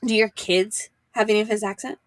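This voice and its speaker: A woman's voice: mid-range voice, steady tone, fairly quick, no echo. A woman hosting a podcast, bubbly and effusive, talking in a chatty, casual way with her guest. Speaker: podcast host. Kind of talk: casual interview chat.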